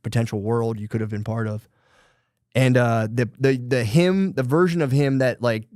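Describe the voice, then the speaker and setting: A man's voice: mid-range voice, a little mellow, no echo, studio quality. A man co-hosting a podcast, casually retelling a book's plot in a rambling, profane way full of fillers and quoted lines. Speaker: podcast co-host.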